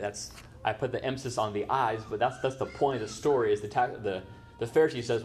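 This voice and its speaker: A man's voice: medium pitch, fairly even intonation, brisk. Guy pastor giving a sermon, talks like he's just chatting with you, lots of "right?". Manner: conversational, tags points with "right?".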